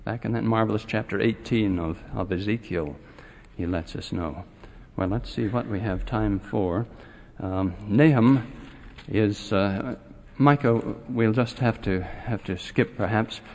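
A man teaching a scripture class. He speaks haltingly with many filler pauses and grows animated when he retells a story. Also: fairly low pitch, vocal fry, big-room sound, a little hiss or hum.

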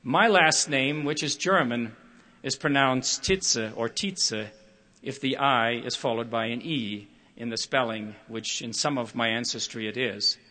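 An older man giving a prepared public talk, measured and expressive, acting out quoted voices as he tells stories. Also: medium pitch.

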